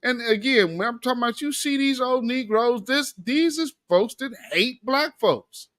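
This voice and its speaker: A male host giving a slangy, sarcastic political commentary monologue, emphatic and animated. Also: very high-pitched, normal speed, no room sound, studio quality.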